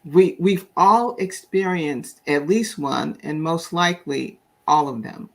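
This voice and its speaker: Middle-aged woman host; unhurried, gravelly, thoughtful. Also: deep voice. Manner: gentle, thoughtful, frequent restarts. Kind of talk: interview, reflective talk.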